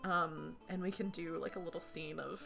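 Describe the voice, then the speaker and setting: A woman's voice: low voice, steady tone, moderate pace, creaky, a bit bright, faint music behind. A woman running a tabletop game, narrating loosely with lots of fillers. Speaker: game master.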